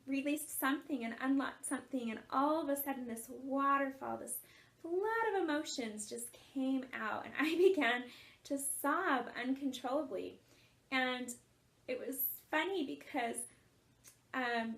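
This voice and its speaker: Woman life coach, high voice, heartfelt storytelling with frequent laughs. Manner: earnest and emotional, laughs often while telling. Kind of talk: personal storytelling talk.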